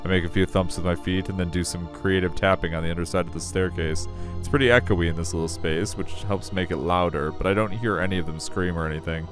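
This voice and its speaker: A man's voice: deep voice, fairly even intonation, fast talker. A man reading a visual novel aloud, wry and self-deprecating as the narrator. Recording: faint music behind.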